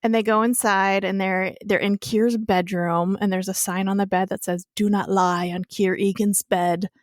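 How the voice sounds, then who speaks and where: A young woman talks through a TV episode scene by scene, chatty and loose, swearing freely. Her pitch sits in the middle. The sound is close and dry, with no room around it. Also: fairly even intonation, normal speed, no echo. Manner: chatty storytelling with casual swearing. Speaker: podcast co-host. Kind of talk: casual TV recap chat.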